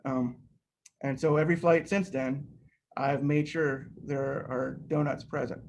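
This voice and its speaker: A middle-aged man telling an anecdote during a seminar talk over a video call, lively and full of restarts. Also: medium pitch, a little slow, slight background noise. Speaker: seminar speaker, rocket scientist.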